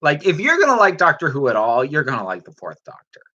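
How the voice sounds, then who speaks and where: A woman's voice: low-pitched, wildly swooping pitch, fast, bright, forceful tone, highs cut off. A woman hosting a livestream, chatting casually and reading out viewer comments, rambling with frequent restarts. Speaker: livestream host reading chat. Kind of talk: casual chat.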